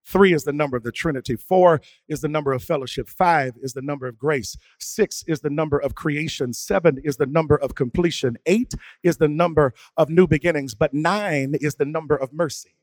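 A male preacher who swings from hushed, quiet asides to sung, shouted preaching. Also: fairly high pitch, brisk, no room sound. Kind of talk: sermon.

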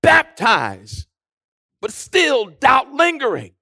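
A preacher delivers a sermon in a very high, bright voice with a gravelly edge. His pitch swings widely as he builds to shouted, repeated lines and then falls to near-whispers. The sound is dry and close. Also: wildly swooping pitch, very slow, no room sound. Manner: rhythmic preaching with shouted build-ups and hushed drops.

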